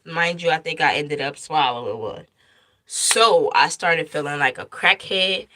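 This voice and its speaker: Bright, animated young mother storytelling. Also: deep voice, a little slow, a little hiss or hum. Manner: animated retelling, acts out quoted lines. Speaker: mother telling her birth story. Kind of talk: casual storytime vlog.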